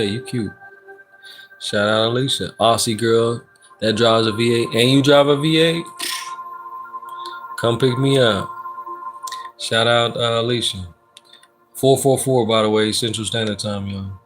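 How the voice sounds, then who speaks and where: A man's voice: mid-range voice, fairly bright tone. A man hosting a casual livestream, reading viewers' comments aloud in a laid-back, joking, slangy way. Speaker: livestream host doing personal readings.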